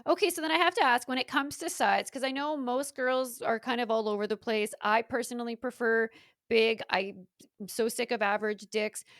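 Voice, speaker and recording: A woman hosts a podcast in a relaxed interview chat and asks blunt, frank questions. Her voice is fairly high. The recording is dry and close, with almost no room sound. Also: moderate pace, dry recording. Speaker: podcast host.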